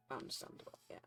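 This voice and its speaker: Chatty, giggly woman streamer. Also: sharp tone. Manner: chatty, giggly, rambling with restarts. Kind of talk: casual live-stream chat with viewers.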